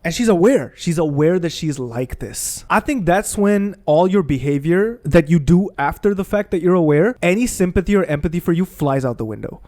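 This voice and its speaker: Young man ranting profanely, higher voice. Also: a little mellow. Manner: profane, heated venting. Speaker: gaming video creator. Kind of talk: casual rant while playing a video game.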